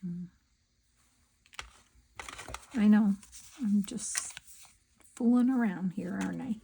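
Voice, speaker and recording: A middle-aged woman talks her viewers through a craft project at home, chatting and murmuring to herself as she goes. Her voice is mellow and slightly gravelly, and she speaks at an unhurried pace. A faint hiss sits under the recording. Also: mid-range voice, poor audio. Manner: chatty, talks to herself while working, soft asides. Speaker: crafting vlogger. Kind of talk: casual crafting chat.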